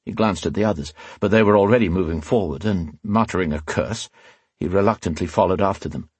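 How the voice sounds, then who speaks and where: Male audiobook narrator, deep-ish and husky, dramatic fantasy reading. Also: dry recording. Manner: measured, dramatic storytelling.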